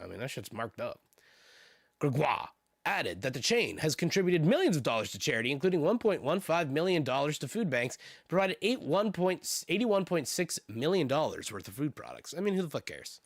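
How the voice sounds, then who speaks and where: A man's voice: fairly high pitch, creaky, no room sound, clean studio sound. A man streaming casually, reading news aloud with sardonic, profane asides and laughs.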